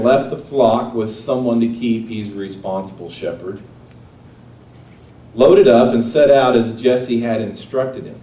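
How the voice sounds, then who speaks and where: Male preacher, chatty sermon delivery, warm low tone, recorded from afar in a roomy hall. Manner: conversational, asks the audience questions. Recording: echoey room, voice from a distance.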